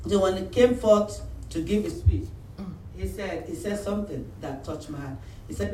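A pastor preaches with a fairly high voice, playing out his members' lines as he goes. The sound is roomy, picked up from a distance in a church hall with faint background noise. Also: normal speed. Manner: animated preaching, acts out phone calls and voices of church members. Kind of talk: sermon.

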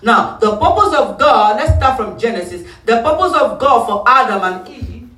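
A man's voice: very high-pitched, animated, normal speed, sharp tone, soft background music. A man preaching a sermon, emphatic and repetitive, calling for responses from the congregation. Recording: echoey hall from far off.

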